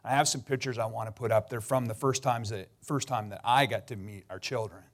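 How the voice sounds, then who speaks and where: A middle-aged pastor from Canada giving a sermon, telling personal stories in an earnest, sometimes emotional way. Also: male voice, mid-range voice, steady tone, fairly quick.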